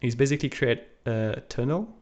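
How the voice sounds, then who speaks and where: A man's voice: medium pitch, brisk, darkish tone, muffled recording. Male co-host talking through code at his desk, loose and filler-heavy, typing audible. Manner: thinks aloud while typing, with frequent fillers. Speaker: live stream co-host. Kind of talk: casual coding walkthrough. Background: keyboard typing and clicking.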